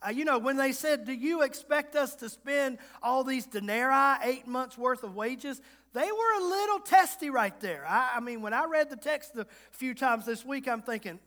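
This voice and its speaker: In a church sanctuary, a guest preacher with a Southern Virginia accent delivers a folksy, humorous sermon that builds to emphatic repetition. His voice is very high and fairly bright, with lively intonation at a normal speed, and the church hall gives a long reverb.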